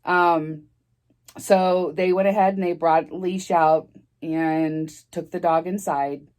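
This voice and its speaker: Woman w/ a low voice rambling thru a storytime vlog, lots of ums and restarts, laughs here and there. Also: fairly even intonation, slow, darkish tone. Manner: rambling, with many fillers and restarts; chatty, laughs as she talks. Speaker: vlogger telling a story. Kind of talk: casual storytime chat.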